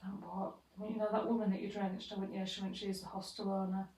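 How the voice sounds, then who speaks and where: Animated storytelling woman, roomy and distant. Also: medium pitch, fast talker. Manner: animated, swears freely, acts out quoted voices. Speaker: podcast co-host. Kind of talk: casual storytelling chat. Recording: roomy sound, away from the mic.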